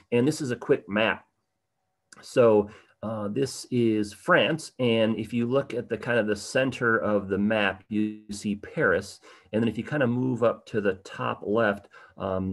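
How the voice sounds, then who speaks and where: A man presenting a livestreamed art history program in a casual, conversational way, with many fillers and moments of animated emphasis. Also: lowish voice. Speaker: tour guide presenting an online program.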